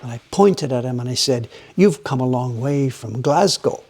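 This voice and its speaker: Guy with a raspy gravelly voice rambling to his stream viewers while carving woodblocks. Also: medium pitch, moderate pace. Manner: rambling, animated storytelling, chats with viewers. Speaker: livestream host, woodblock carver. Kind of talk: casual chat while working. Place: workshop.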